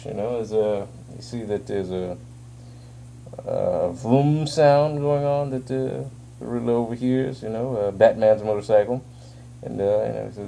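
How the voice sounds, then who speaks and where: Low, mellow man rambling through a review. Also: fairly even intonation, a little slow, vocal fry, slight background noise. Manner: hesitant, filler-heavy, rambling. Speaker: comic book reviewer. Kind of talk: casual spoken review. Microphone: phone.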